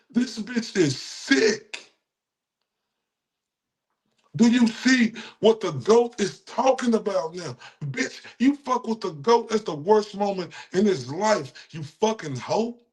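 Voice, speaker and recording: Texan man, streamer, heated profane rant, repeats taunts, higher voice, slow delivery. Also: lively intonation, darkish tone. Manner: heated, repetitive, taunting, addresses viewers as y'all. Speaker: streamer reacting to clips. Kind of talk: profane ranting commentary.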